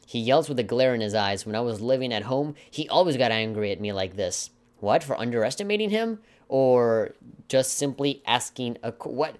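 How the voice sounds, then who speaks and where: His mid-range voice is animated and moves at a moderate pace. As a let's play commentator, he reads the game's story aloud and ridicules it, tossing in chuckling, sarcastic asides with a mock-dramatic flair.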